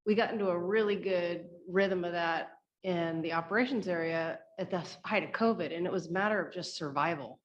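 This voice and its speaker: Low-voiced woman on a muffled call. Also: a little fast. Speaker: training participant. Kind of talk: casual discussion.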